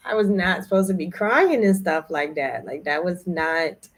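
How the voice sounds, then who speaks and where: A young woman talking frankly to her camera about feeling tired and unwell, candid and emotional. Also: fairly low pitch. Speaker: vlogger running group trips. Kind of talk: casual vlog talk.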